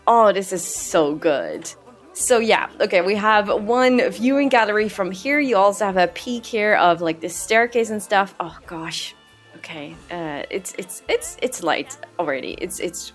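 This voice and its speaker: A young woman giving casual let's-play commentary on a zoo-building game, chatty and excitable, full of "like" fillers and delighted gasps. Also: lowish voice. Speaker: gameplay streamer. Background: faint game music.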